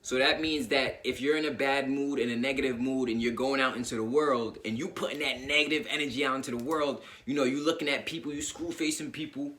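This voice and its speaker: A man's voice: mid-range voice, fairly even intonation, fast talker, few pauses, fairly bright tone. A man talking informally to his viewers in a motivational monologue, repeating his points and often checking in with "right?". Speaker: self-help YouTuber.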